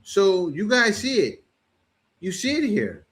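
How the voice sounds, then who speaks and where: A man with a high, very lively voice gives a reaction commentary. He talks in a mocking, teasing way and keeps breaking into laughter. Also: slow. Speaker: commentator host.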